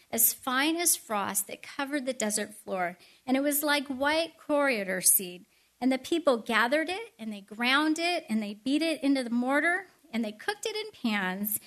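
A middle-aged woman giving a storytelling sermon with chatty, animated asides. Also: sits high. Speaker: speaker at a Christian event.

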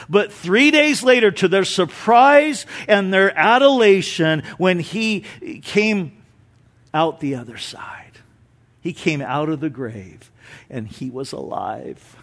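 A male pastor delivers an Easter sermon in a fairly high voice. He preaches dynamically, rising to emphatic declarations and then dropping to a near hush. He mixes in lighthearted stories for the congregation. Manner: dynamic preaching, swinging between emphatic and hushed; storytelling with humor.

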